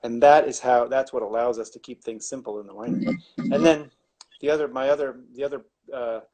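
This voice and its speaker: A man's voice: medium pitch, steady tone, fairly quick, mellow. A man, a winemaker, explaining wine making in a casual, rambling way with wry asides and many restarts.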